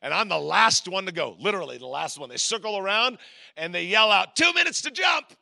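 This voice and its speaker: Animated, gravelly-voiced bright male pastor. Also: high-pitched, fairly quick. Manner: animated storyteller acting out voices, sudden shouts. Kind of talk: storytelling sermon.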